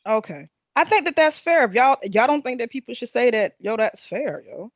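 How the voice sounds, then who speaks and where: A man's voice: very high-pitched, very animated, moderate pace, no room sound, muffled recording. Man arguing hard on a podcast, blunt, dry close sound. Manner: blunt, repeats "yo" and "keep it one hundred". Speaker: podcast co-host. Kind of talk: heated group discussion.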